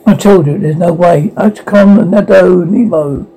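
A man's voice: high-pitched, moderate pace, dark tone, breathy edge, low-quality recording. A man voicing a brusque, irritable male chaos magician, speaking curtly and with exasperation.

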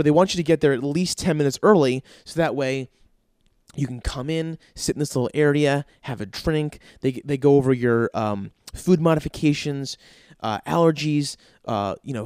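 A man casually telling an anecdote with lots of swearing, fillers and animated energy. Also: on the high side, no echo, studio quality. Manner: animated, profanity-laced storytelling with frequent fillers.

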